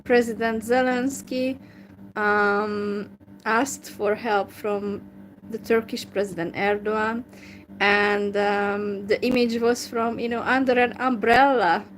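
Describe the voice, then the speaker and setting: A woman's voice: mid-range voice, steady tone, takes it slowly, slight background noise, poor audio. A woman from Hungary, chatting casually and giving opinions, hesitant and full of fillers and restarts. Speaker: language learner chatting with strangers.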